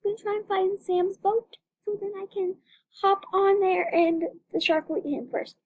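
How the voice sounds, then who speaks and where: A woman's voice: very high-pitched, fairly even intonation, moderate pace, phone-quality sound. A young woman hosting her gaming channel, chatting casually and dramatically over gameplay, repeating phrases.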